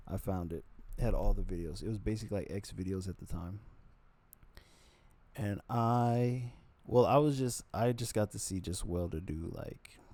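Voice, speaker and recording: A man's voice: low voice, vocal fry, mellow. A man telling a personal story on his video channel in a rambling, blunt way, swearing freely. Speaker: vlogger.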